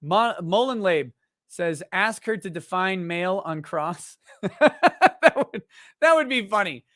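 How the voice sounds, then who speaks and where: A man's voice: high voice, no echo. Dry, rambling man reading chat. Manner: rambling and joking, with halting restarts; animated when telling stories. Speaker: livestream host reading chat messages. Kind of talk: casual live-stream chat.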